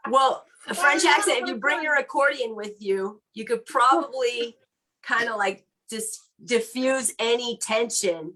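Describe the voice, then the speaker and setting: Woman host chatting loose and jokey, bright voice. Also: on the high side, a little slow, rough recording. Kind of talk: casual chat.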